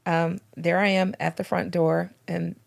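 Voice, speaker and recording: This middle-aged co-host of a faith podcast has a lowish, creaky voice and keeps a measured pace. Once a pastor's wife, she shares church stories in a casual discussion, giving the dialogue lively character voices.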